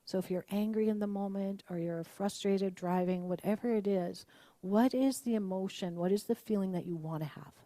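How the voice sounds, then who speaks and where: A middle-aged woman minister giving a conversational, animated sermon and acting out the voices of the people she quotes. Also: medium pitch, normal speed, dry recording.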